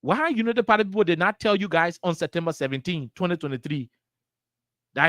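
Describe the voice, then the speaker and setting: A Liberian English speaker with a fairly high pitch for a man, holding forth on a radio talk show. He hammers his points with repeated words and rhetorical questions. The sound is dry and close with no room around it. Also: expressive, fairly quick, bright, forceful tone, dry recording. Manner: impassioned, repetitive, rhetorical questions. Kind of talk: political commentary. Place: radio studio.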